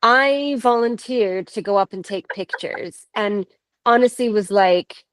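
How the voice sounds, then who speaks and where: Casting: woman, 30s, from Canada, unhurried animated storyteller, dry close sound. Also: medium pitch, no echo. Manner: animated, laughs often, quotes others. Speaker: paranormal investigator guest. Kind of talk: casual storytelling.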